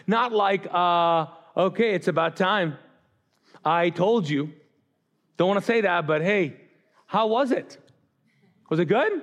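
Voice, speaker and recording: A man from the Middle East preaching a sermon as pastor, conversational and animated, asking the crowd questions and acting out quotes. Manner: animated, acts out quotes with sudden pitch jumps; conversational, asks the audience questions.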